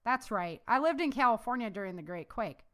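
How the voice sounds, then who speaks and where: A woman's voice: a little high, lively intonation, fairly quick, bright, forceful tone. A woman voicing an earnest, heartfelt young woman who survived a disaster.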